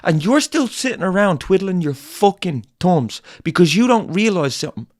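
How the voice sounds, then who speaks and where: A man with a fairly high voice rants at his listeners in an angry tough-love monologue. He swears constantly, hammers the same lines again and again, and lectures hard. The sound is close and dry, with no room echo. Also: sing-song, normal speed. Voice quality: blunt, heavy swearing, repetitive. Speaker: podcast host.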